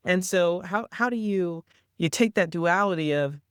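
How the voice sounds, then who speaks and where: A man with a fairly high voice hosts an interview, chatty and enthusiastic as he sets up each topic. He gets animated when paraphrasing others. The sound is dry and close. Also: measured pace, clear, resonant tone, no room sound. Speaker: host and entrepreneur coach. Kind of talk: interview hosting.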